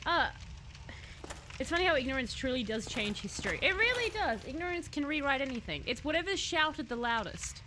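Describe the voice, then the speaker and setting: A woman streaming a game live, chatting casually, reading chat aloud and breaking into excited outbursts. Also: sits high, fairly quick, noisy background.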